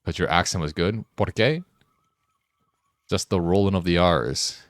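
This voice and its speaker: A man's voice: deep voice, brisk, no echo, studio quality. A young man streaming a game, chatting casually and teasing a friend in joking banter, often restarting his sentences. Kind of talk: casual chat while gaming.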